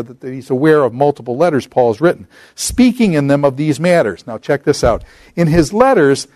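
A middle-aged man lectures on the Bible in an easy, conversational way. When he reads scripture aloud he slows down and raises his voice. The sound is dry and close, with no room echo. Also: mid-range voice, warm tone. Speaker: Bible teacher.

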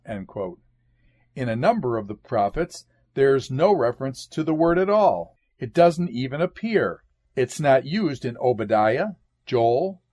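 A man giving a classroom lecture, reading out scripture passages in a measured way and marking each quotation with "quote" and "end quote". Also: mid-range voice, a little mellow.

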